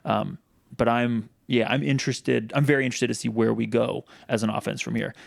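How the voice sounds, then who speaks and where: Male co-host, casual, gravelly tone, dead-dry close mic. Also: mid-range voice, steady tone, brisk, dry recording. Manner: chatty, many restarts and fillers. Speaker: podcast co-host. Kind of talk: casual chat.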